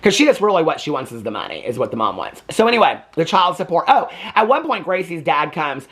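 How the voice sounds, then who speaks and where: A man's voice: fairly high pitch, big pitch swings, fast talker, a bit bright, husky. A man giving a casual, rambling movie recap, full of "like" and acted-out quotes. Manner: rambling, chatty, heavy filler "like", acts out quotes. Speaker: movie reviewer.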